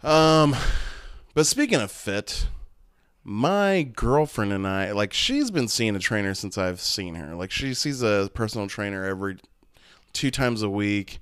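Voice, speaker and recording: This solo podcast host, a man in his thirties, is very animated yet keeps a measured pace. His voice sits fairly low, clear and resonant with a fairly bright tone. He rambles and swears freely, restarting and laughing often, in studio-quality audio with no echo.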